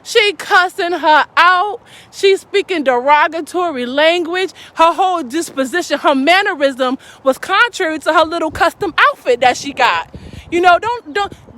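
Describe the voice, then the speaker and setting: A woman's voice: very high-pitched, a bit bright, slight background noise. A woman giving a fervent, preaching-style live stream talk, calling out to her audience as a faith speaker.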